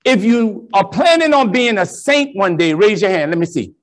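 A man who is a Catholic priest, giving a joking, animated storytelling talk to an audience of educators. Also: high voice, normal speed. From New Orleans. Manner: animated, joking, plays to the crowd.

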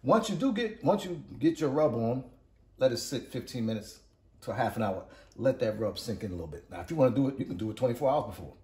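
A man's voice: mid-range voice, animated, fast talker, a little mellow. A man hosting a casual cooking video, chatty and hyped, repeating catchphrases to his viewers as he works. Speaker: cooking channel host. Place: home cooking area, then outdoor backyard grill. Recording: echoey, distant camera audio.

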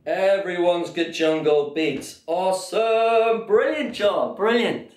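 A man's voice: high-pitched, slow pace, few pauses. Bouncy man leading chants. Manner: bouncy, sing-song call and response, playful. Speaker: children's drum workshop leader. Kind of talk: energetic kids' music lesson with chanting. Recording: echoey room with drum music. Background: drum and percussion beat.

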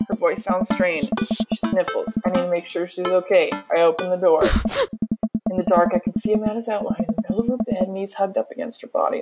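A woman's voice: on the low side, fairly even intonation, fairly quick, over loud music, rough recording. A woman playing a story game, reading its lines aloud and breaking off with sarcastic, self-mocking asides. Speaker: let's player.

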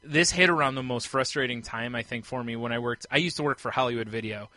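Bright-voiced man chatting on a podcast. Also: mid-range voice, fast talker, no room sound. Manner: animated storytelling, acts out quoted voices. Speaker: podcast co-host. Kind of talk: casual chat.

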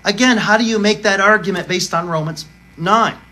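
A man preaching a sermon from the pulpit. His voice sits fairly high for a man. He argues emphatically, pressing his points with sharp rhetorical questions. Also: normal speed. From United States. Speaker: pastor.

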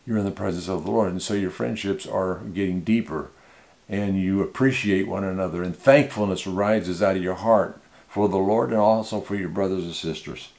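This pastor's voice is low and a little mellow, moving at a normal speed. His sermon to a small church is informal and chatty, full of false starts and repeated words.

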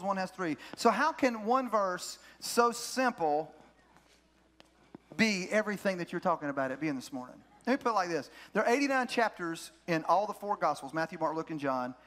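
High-voiced man preaching a lively sermon. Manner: animated storytelling preacher, repeats key phrases. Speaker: pastor. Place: church sanctuary.

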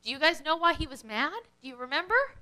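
A woman leading a children's worship lesson, speaking in an animated, sing-song way to kids. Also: high-pitched, quick pace, low-quality recording.

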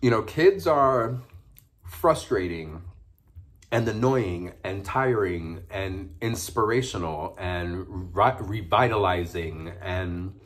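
A man with a fairly low voice talks through a casual eating vlog at home. He chats easily between bites and hums with pleasure as he savors the food. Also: expressive, takes it slowly. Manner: chatty, savoring food with frequent mm sounds. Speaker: mukbang vlogger.

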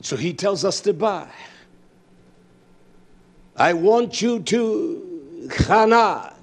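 A male preacher with a high voice that leaps all over the place as he delivers his sermon. He talks emphatically, rising into loud bursts and then dropping to low murmurs. He keeps turning to his congregation with direct questions. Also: lively intonation, extremely slow, husky.

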